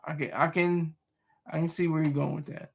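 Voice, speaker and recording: A man's voice: a little high, level tone, moderate pace, gravelly, slightly rough. A man hosting a livestream, casually chatting and reading viewer comments with playful teasing and frequent restarts. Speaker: livestream host.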